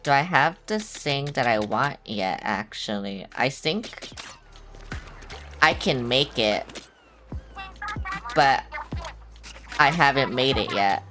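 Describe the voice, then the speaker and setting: Low-voiced young woman streaming a game. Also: expressive, slow, long pauses, a bit bright, soft background music. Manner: blunt, swears often, self-mocking. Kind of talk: casual live-stream chatter.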